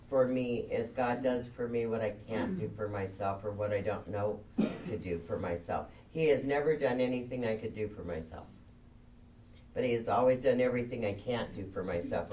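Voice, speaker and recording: A woman's voice: very deep voice, dark tone. A woman speaking at a recovery meeting, telling her story candidly and laughing at herself as she goes. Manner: candid and self-mocking, laughs often. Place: meeting room. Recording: distant mic with faint noise.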